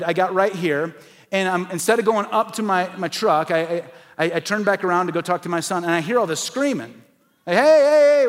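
Middle-aged male preacher, high-pitched, animated storyteller who acts out quoted voices, big reverberant church hall. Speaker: pastor. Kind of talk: sermon storytelling.

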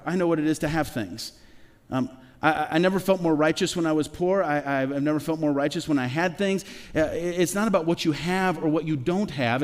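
High-voiced pastor preaching in a reverberant hall. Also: male voice. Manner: conversational preaching with rhetorical questions and stammered restarts. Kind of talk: sermon. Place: church sanctuary. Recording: long reverb of a large hall.

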